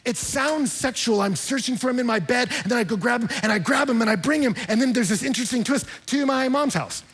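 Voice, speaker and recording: A man's voice: very high voice, fast talker, a bit bright, slightly rough. A pastor preaching a conversational sermon with humor, acting out quoted voices as he explains scripture. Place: church.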